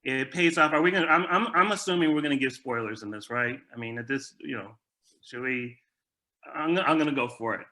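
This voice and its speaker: On a movie review show, a male co-host talks briskly in a mid-range voice with a bright, forceful tone. Agreeable and enthusiastic, he keeps the chat casual, often stammering and repeating words to restart.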